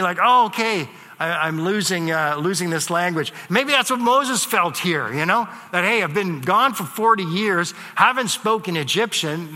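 Preaching man, bright tone, echoing hall. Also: high voice. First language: German. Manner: conversational preaching with asides and filler words. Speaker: pastor. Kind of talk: sermon. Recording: long reverb of a large hall.

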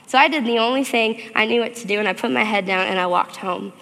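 Gravelly, bright-voiced woman telling her testimony. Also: on the high side, fast. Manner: earnest, animated storytelling. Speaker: church speaker. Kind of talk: personal testimony sermon. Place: church hall. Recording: long reverb of a church hall.

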